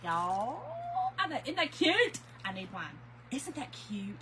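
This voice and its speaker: A woman's voice: a little high, very animated, slow, bright, forceful tone, a little hiss or hum, rough recording. A chatty, effusive woman, hosting a casual live sale stream and thanking viewers by name. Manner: gets emotional and laughs easily. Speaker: host of a live craft-supply sale. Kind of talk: casual livestream chat.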